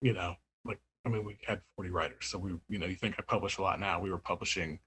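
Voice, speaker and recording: A man's voice: sits low, fast, fairly bright tone, slight background noise. A man in casual interview chat, talking about running his record label, rambling with many fillers, restarts and laughs. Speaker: label owner and music writer.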